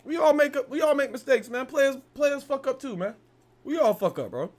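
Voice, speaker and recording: A young man hosting a casual boxing podcast, talking in a heated, animated way and peppering his lines with "bro" and profanity. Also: very high-pitched, moderate pace. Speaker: podcast host.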